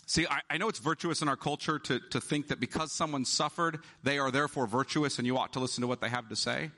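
A male pastor preaching an emphatic sermon, slowing down to stress key words. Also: mid-range voice, sharp tone.

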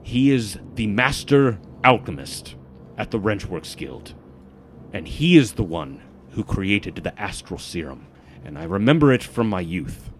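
A man's voice: fairly low pitch, sing-song, unhurried, slight background noise. A man voicing an intense, old-fashioned male schemer who speaks in formal, archaic phrasing. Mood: urgent, intense.

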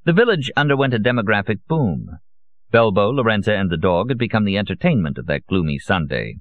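A man reading a novel aloud as an audiobook narrator, in a measured, even way. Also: lowish voice, no echo. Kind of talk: scripted narration. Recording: dull, lo-fi audio.

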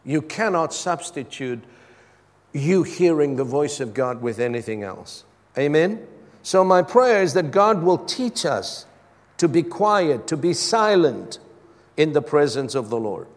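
A man's voice: on the high side, very animated, a little slow. A man preaching a sermon as a pastor, asking his congregation for responses between points. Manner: preaching with call-and-response asides. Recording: long hall reverb.

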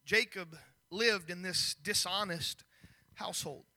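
A man's voice: high voice, slow. A man preaching a sermon, telling a story with many restarts and acted-out scenes. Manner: storytelling, animated, with repeated restarts.

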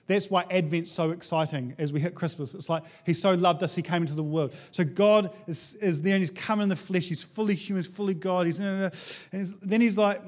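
Pastor, male, high voice, casual and enthusiastic preaching style, chatty and informal. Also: fairly even intonation, brisk. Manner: enthusiastic, conversational, many restarts and "like". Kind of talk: casual sermon.

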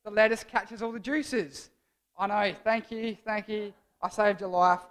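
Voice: mid-range voice, steady tone, measured pace. A young adult giving a casual, jokey youth sermon as a church speaker, rambling and playful.

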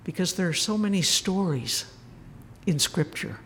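Gentle man telling stories in a hall. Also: high-pitched, a little slow. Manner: gentle storytelling, soft asides. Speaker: retreat speaker. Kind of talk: reflective spiritual retreat talk. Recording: roomy hall with faint noise.

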